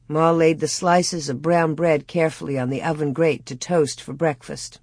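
A woman narrating a storybook as an audiobook, in a measured, clear way. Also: low voice, steady tone, a little mellow, no room sound, clean studio sound. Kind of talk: audiobook reading.

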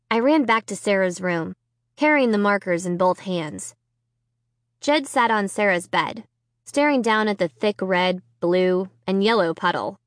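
A woman reading a children's chapter book aloud in the first person, in a measured and expressive way. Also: mid-range voice, dry recording, studio quality. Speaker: audiobook reader. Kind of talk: first-person storybook narration.

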